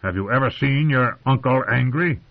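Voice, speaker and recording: A man voicing a weathered older male smuggler lord who talks low, plain and firm. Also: moderate pace, natural voice. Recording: tinny phone-like sound.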